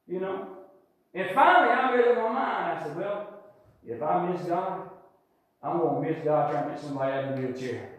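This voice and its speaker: An older preacher with a high, bright voice delivers a folksy sermon, repeating phrases and asking for amens. He sounds far from the mic, and the church rings with a heavy echo.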